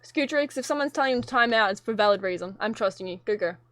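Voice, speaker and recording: A woman's voice: on the high side, lively intonation, quick pace, fairly bright tone, dry recording. A young woman streamer talking casually to her live chat, ranting in an exasperated, rambling way, with plenty of swearing.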